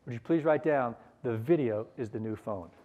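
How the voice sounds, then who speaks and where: A middle-aged man leading a sales seminar, energetic and coaxing the audience to repeat phrases after him. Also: medium pitch, normal speed, phone-quality sound. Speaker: sales trainer. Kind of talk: conference seminar talk.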